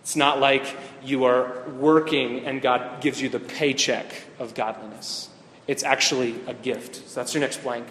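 A man's voice: medium pitch, steady tone, unhurried, fairly bright tone. A man preaching a sermon. He asks the listeners questions and repeats his main points. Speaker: pastor or Bible teacher. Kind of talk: interactive sermon. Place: teaching room or church hall with a board. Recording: echoey hall with long reverb.

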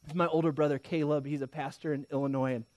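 Pastor swinging from loud to hushed. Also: male voice, a little high, fairly even intonation, rapid-fire, no room sound. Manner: swings from loud emphasis to hushed near-whisper; storytelling, direct address to the congregation. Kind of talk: sermon.

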